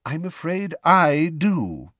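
A man voicing a calm, wry, kindly old male wizard who speaks gently and pleasantly. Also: mid-range voice, moderate pace, no echo, studio quality, voice pushed up. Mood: gentle.

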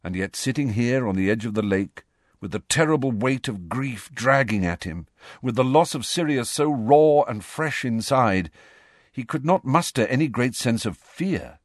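A man narrating an audiobook in a measured, expressive reading. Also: mid-range voice, no echo, studio quality. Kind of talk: scripted narration.

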